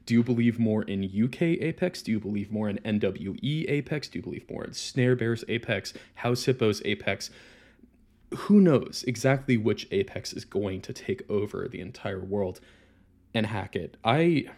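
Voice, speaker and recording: A man giving recorded commentary on a card game in a measured, analytical, mock-dramatic way. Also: fairly low pitch, creaky, a little mellow. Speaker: podcast contributor.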